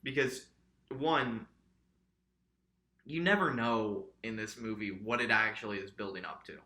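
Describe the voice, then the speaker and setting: A man's voice: on the low side, unhurried, sharp tone, reverberant. A man co-hosting a podcast, casually and sarcastically picking apart a movie with jokes and swearing. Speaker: podcast co-host. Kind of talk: casual movie review chat.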